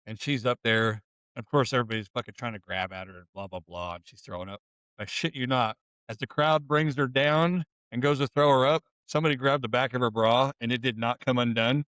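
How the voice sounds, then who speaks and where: A man co-hosting a podcast, telling a wild crowd story in a profane, excitable way. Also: mid-range voice, fairly quick, clear, resonant tone, no echo. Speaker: podcast co-host. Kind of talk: casual storytelling chat.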